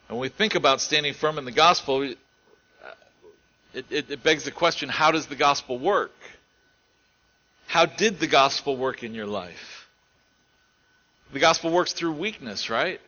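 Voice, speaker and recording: A male preacher delivers an earnest sermon in a bright, forceful voice pitched a little high. The recording sounds dull and lo-fi, and he swings between emphatic and hushed passages. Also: normal speed, long pauses. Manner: earnest, rises to emphatic and drops to quiet.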